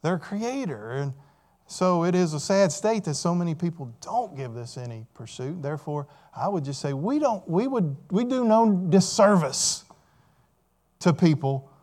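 A man's voice: on the high side, expressive, a little slow, a little mellow. A man preaching a sermon with emphasis, repeating key phrases and putting questions to his listeners.

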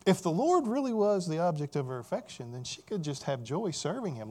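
A man's voice: a little high, very animated, brisk, darkish tone. A man preaching a sermon as a pastor, often asking his listeners rhetorical questions.

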